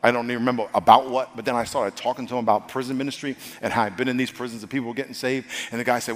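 Pastor preaching in an echoing hall. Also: male voice, mid-range voice, fairly even intonation, rapid-fire, few pauses. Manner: conversational, repeats words, chuckles. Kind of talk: sermon with altar call prayer. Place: church sanctuary. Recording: long hall reverb, soft music behind.

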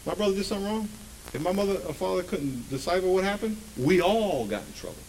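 A pastor preaching a sermon, swinging between loud bursts and hushed asides. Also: male voice, high voice, expressive, fast, slight background noise, poor audio.

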